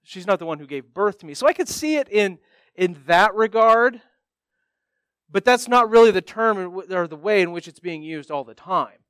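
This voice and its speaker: Guy preaching w a high smooth voice, jokey self-mocking stories, acts out everyone's lines. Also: moderate pace, dry recording, rough recording. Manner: self-deprecating, animated storytelling with acted-out voices. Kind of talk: sermon with personal storytelling.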